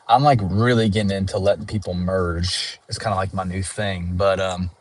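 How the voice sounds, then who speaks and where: Behind the wheel, a tired comedian with a lowish voice makes casual conversation, meandering through fillers and false starts. The recording is dry.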